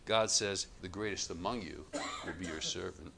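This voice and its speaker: A man preaching a sermon to his congregation, measured and emphatic, setting up contrasts and lifting his voice on quoted lines. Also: sits low, creaky, sharp tone, slight background noise.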